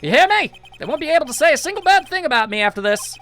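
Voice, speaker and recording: A man's voice: very high-pitched, very animated, racing, bright, forceful tone, faint music behind, pitched above the performer's own voice, exaggerated voice. A man doing a gloating pompous doctor. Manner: gloating, self-important. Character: pompous vindictive older male doctor.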